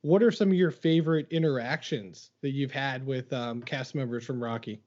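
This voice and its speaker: A man hosting an interview, asking relaxed, conversational questions. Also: medium pitch, moderate pace. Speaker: interview host. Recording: dull muffled recording.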